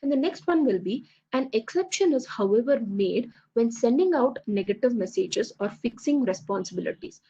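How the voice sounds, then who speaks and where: Husky-voiced woman teaching a class. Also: on the high side, lively intonation, normal speed, hardly any pauses, warm tone, muffled recording. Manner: explanatory, many fillers and checks like "okay, fine". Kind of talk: online class lecture.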